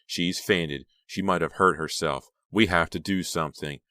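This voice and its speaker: A teenage boyfriend who shouts in anger and fear, played by a man reading an audiobook. The voice stays low and dry, close to the reader's own. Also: steady tone, moderate pace, dry recording. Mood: angry. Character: teenage boyfriend, angry and frightened.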